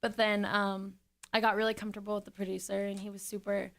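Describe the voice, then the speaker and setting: A woman's voice: mid-range voice, level tone, fast, gravelly. A woman in her twenties, a singer, telling her story in a casual interview, chatty and giggly with lots of fillers. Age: 20s.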